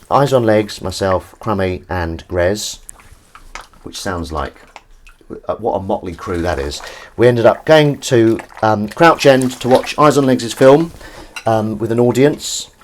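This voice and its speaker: A man hosts a live stream from his kitchen sink, chatting and rambling with his viewers. His pitch rises and falls freely, and his pitch sits in a medium register. Faint noise of dripping water stays in the background. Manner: rambling, chatty, reads out and answers chat. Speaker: livestream host. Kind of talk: casual live-stream chat.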